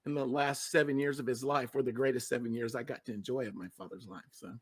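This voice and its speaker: Husky and fast, with medium pitch and fairly even intonation, this middle-aged podcast guest tells a personal story. The success coach is earnest and emotional, frequently repeating words for emphasis.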